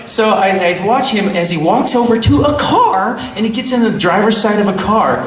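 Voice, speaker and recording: Animated storytelling man, roomy sound. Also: high voice, moderate pace. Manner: animated, laughing, acting out quotes. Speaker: guest. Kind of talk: casual storytelling on a stream. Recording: roomy, distant mic, faint noise.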